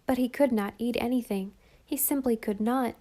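A woman narrating a storybook in a calm, even way. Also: a little high, moderate pace. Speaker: audiobook narrator.

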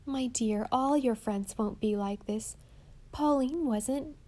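A woman doing a gentle, soothing mother. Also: on the high side, takes it slowly. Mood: tender. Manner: soothing and tender.

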